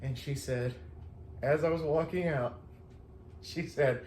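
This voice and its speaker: A man with a slightly high, somewhat mellow voice talks slowly and pauses often in an echoey room with slight background noise. He's a flower delivery driver recounting his day in casual storytelling, chatty and laughing often while acting out quoted voices.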